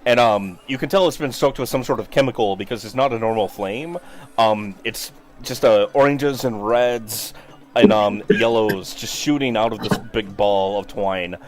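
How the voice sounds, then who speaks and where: A man narrating as game master of a tabletop game, in a relaxed and searching way full of ums. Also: lowish voice, moderate pace.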